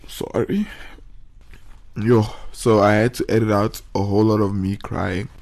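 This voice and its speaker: A man's voice: on the low side, little pitch movement, vocal fry, a little mellow. Tearful young man telling a personal story. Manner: halting, emotional, repeats words. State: tearful, holding back crying. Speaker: podcast host.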